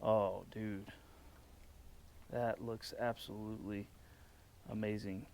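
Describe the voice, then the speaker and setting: A man hosting a casual outdoor barbecue cooking vlog, enthusiastic and relaxed, with plenty of fillers. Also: on the low side, slow pace, vocal fry. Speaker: barbecue cooking channel host. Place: outdoors at a smoker.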